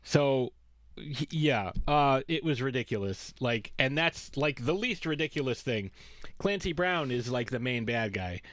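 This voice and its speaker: A male podcast co-host talking in a loose, rambling way, sarcastic and quick to swear. His voice sits at an ordinary pitch, and the recording is dry and close with no room sound. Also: expressive, fairly bright tone, dry recording. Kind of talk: casual chat.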